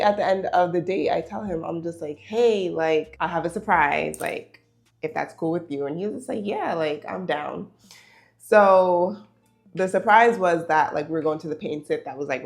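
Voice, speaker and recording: A young woman vlogger telling a dating story, animated, laughing and full of fillers. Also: low-pitched. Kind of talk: storytelling while getting ready.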